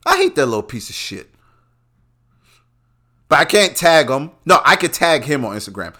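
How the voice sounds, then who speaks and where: A man, a podcast host talking in a brash, rambling, profane monologue that swings from quiet asides to loud outbursts. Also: on the high side, big pitch swings, normal speed. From Brooklyn, New York. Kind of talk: profane casual commentary monologue.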